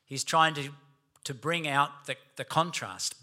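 Man, preacher, sermon, emphatic, bright forceful voice, fairly high. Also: a little slow. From Australia. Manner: storytelling, emphatic.

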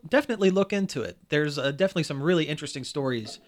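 A man hosting a casual podcast chat, telling stories with lively enthusiasm and plenty of fillers. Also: fairly high pitch, racing.

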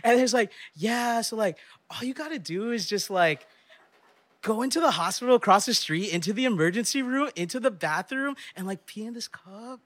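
Animated high-voiced man telling a story. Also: moderate pace. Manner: animated, laughing often, acts out voices. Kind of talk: live storytelling.

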